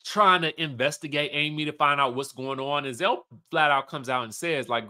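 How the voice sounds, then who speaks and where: A chatty man recaps a reality TV episode for his channel in a casual, animated way, slipping into the cast's lines as he tells it. His voice sits a little high for a man and has a bright, forceful edge. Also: moderate pace, few pauses. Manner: chatty and animated, acts out cast members' lines.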